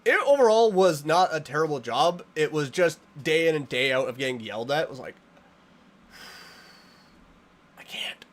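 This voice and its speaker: Animated man streaming a horror game. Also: on the high side, brisk, few pauses. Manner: animated, playfully dramatic, reading and answering chat. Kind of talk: live game stream chatting with chat.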